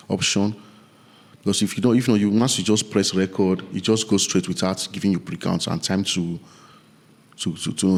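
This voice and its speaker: A man teaching music recording software in a loose, rambling tutorial with many restarts, from a home studio. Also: sits low, gravelly, husky.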